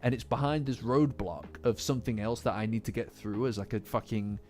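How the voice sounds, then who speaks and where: A man's voice: mid-range voice, brisk, a little mellow. A man casually chatting with his live-stream chat, rambling and swearing, often breaking into laughter. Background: faint lofi music.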